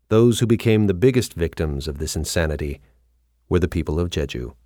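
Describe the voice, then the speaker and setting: A man reading a scripted documentary narration in a solemn, measured way. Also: deep voice, darkish tone, no echo, studio quality.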